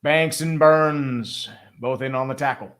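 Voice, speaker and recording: A man's voice: mid-range voice, fairly even intonation, a little slow, fairly bright tone, smooth. A man co-hosting a casual sports broadcast, chatting bluntly and swearing freely. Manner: blunt and profane. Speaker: co-host.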